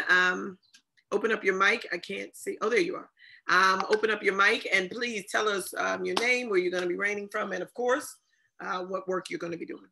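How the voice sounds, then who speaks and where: A woman hosts an online inauguration over a video call, her voice bright and clear. She talks in long strings of thanks and praise, with plenty of ums along the way. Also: medium pitch. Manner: effusive, many fillers and thanks. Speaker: ceremony host. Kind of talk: emotional ceremony hosting on a video call.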